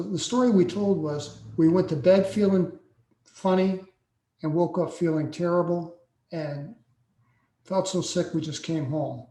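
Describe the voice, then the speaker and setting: A man in his sixties, a podcast guest telling a personal story slowly and deliberately, with frequent pauses. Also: on the high side, warm tone. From United States. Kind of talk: personal account in a podcast interview. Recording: echoey room sound.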